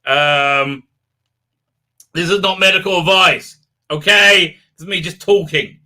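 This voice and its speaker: A man's voice: high voice, unhurried, pushed and bright. A man hosting a livestream in casual chat, rambling and restarting often, with laughs breaking into his words. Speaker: livestream host.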